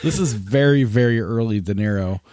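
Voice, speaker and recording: A man co-hosting a movie review podcast, talking in a relaxed, easygoing way. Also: on the low side, fairly quick, no echo, studio quality. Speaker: podcast co-host. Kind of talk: casual movie review chat.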